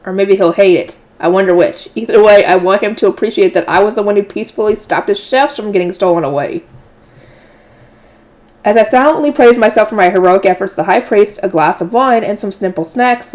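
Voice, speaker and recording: A woman's voice: medium pitch, brisk, darkish tone. Woman casually reading a light novel aloud. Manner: casual, self-correcting, with offhand asides. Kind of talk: casual read-aloud narration.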